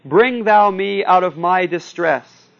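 An earnest little boy from a comic strip cries out a slow, solemn prayer in old-fashioned words, as a man reads it aloud. His voice is pitched high and drawn out, and the lo-fi recording sounds dull. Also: gravelly, heavily acted. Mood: pleading. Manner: slow, pleading, archaic phrasing.

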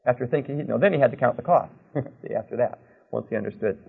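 A man's voice: medium pitch, fast talker, creaky, breathy edge. Male preacher, storytelling teacher, tinny phone-quality recording. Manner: checks in with "okay?", tells anecdotes. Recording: narrow, tinny phone-like sound.

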